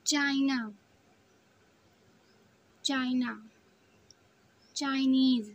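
A woman teaching a lesson, saying each word slowly and spelling it out letter by letter. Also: high-pitched, low-quality recording. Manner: slow and deliberate, spells words letter by letter.

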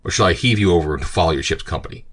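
A man's voice: low-pitched, expressive, racing, fairly bright tone. A man voicing a cruel, contemptuous male pirate captain in an audiobook, with a taunting manner. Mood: threatening.

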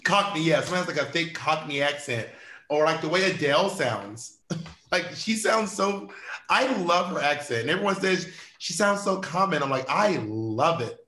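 A man chats as an interview guest, playful and quick to swear. His voice sits a little high. The room around him rings with a noticeable echo. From United States. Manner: lively, playful, swears freely, mimics posh voices. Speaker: interview guest, drag performer. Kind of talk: casual chat.

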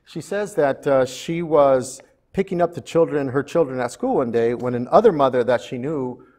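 A man pastor delivering a sermon in a church, in an unhurried storytelling manner. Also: medium pitch, animated, darkish tone.

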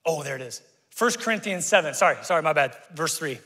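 Animated pastor preaching in a reverberant church. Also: male voice, on the high side, fast. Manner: animated, conversational preaching with asides to the congregation. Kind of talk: sermon. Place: church sanctuary. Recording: long church hall reverb.

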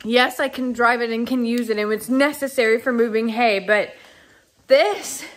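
A young farm vlogger chats casually to the camera about farm life, gushing with emotion and often laughing and sighing. Her voice is on the high side, with fairly even intonation and a normal speed.

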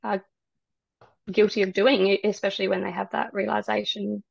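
A woman guest on a podcast telling her story in casual chat, soft and hesitant with many ums. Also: medium pitch, level tone, moderate pace, gravelly, no echo. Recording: dry, dull lo-fi sound.

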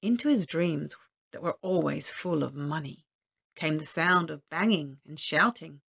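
A woman telling a children's story aloud in a gentle, lilting, expressive way. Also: deep voice, a little slow, creaky, slightly rough, no echo.

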